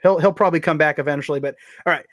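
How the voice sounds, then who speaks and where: A man's voice: a little high, rapid-fire, dry recording, studio quality. A man chatting casually as a podcast guest, rambling and self-deprecating as he plugs his writing. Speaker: guest, fiction writer.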